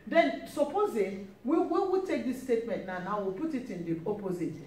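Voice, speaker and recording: A woman's voice: medium pitch, sing-song, a little fast, dark tone. Emphatic woman preacher in echoey church. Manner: emphatic, repeats key phrases, frequent calls of praise. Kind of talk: sermon. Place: church hall. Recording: echoey church, mic at a distance, faint hiss.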